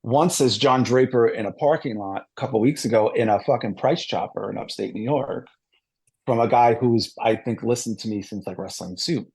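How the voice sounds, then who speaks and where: A middle-aged man telling stories in a casual podcast chat, animated and full of swearing. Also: medium pitch, normal speed, vocal fry. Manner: animated, profane storytelling. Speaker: podcast guest.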